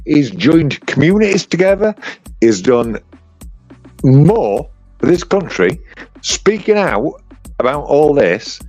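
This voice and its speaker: A man with a northern English accent hosting a livestream, speaking earnestly in halting, repeated phrases. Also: a little high, very animated, darkish tone, faint music behind. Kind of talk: casual livestream commentary.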